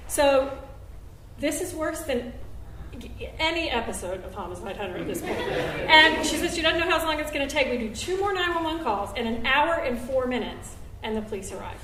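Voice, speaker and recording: A woman telling a story on stage at a live show, acting out what people said with big jumps in pitch and loudness. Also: normal speed, a little hiss or hum. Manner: animated, acts out quotes with big jumps in pitch and volume. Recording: roomy live venue, recorded from a distance.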